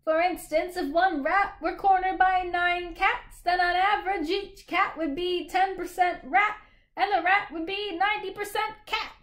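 A woman's voice: extremely high pitch, fairly even intonation, a little slow, fairly bright tone, echoey room, pitched above the performer's own voice. A woman voicing a cheerful little boy who is precise and matter-of-fact, explaining things patiently, in a storybook reading.

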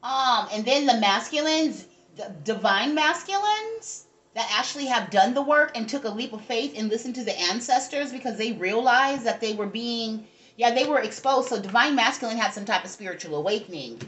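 A woman's voice: fairly high pitch, lively intonation, moderate pace, a bit bright. A woman giving a casual tarot reading, blunt, profane and rambling as she talks straight to her viewers. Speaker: tarot reader.

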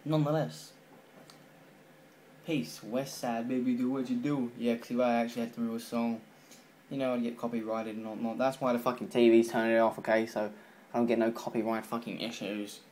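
A man's voice: mid-range voice, little pitch movement, fast talker, darkish tone, slight background noise. Rambling, foul-mouthed male vlogger. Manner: swears constantly, loose and rambling. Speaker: gaming channel vlogger. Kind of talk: rambling casual vlog.

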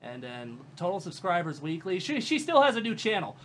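A woman's voice: lowish voice, sing-song, brisk, hardly any pauses. A woman giving mocking reaction commentary, sarcastic and profane, often breaking into laughter. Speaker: commentary vlogger.

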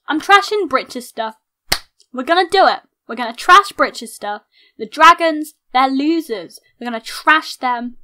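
A young woman chatting casually through her life-sim game, excitable and mock-outraged, laughing often. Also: high voice, measured pace. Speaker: gaming YouTuber. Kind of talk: casual let's-play commentary.

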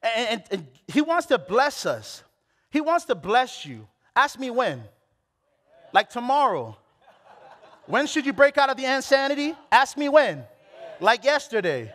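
A man's voice: extremely high pitch, big pitch swings, moderate pace, fairly bright tone, long reverb tail. A man preaching a sermon, candid and self-deprecating, often repeating phrases for emphasis. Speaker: pastor.

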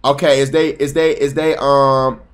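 A man in his twenties livestreaming from home in casual chat, excitable and profane, talking back to his chat and sometimes bursting into yelling. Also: mid-range voice, normal speed. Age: 20s. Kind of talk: casual live-stream chat.

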